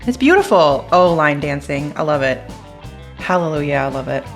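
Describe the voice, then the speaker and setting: A woman's voice: sits low, steady tone, normal speed, gravelly, soft background music. A young woman YouTuber reacting to a game trailer in a bubbly, chatty way, gasping and giggling as she talks. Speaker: gaming YouTuber.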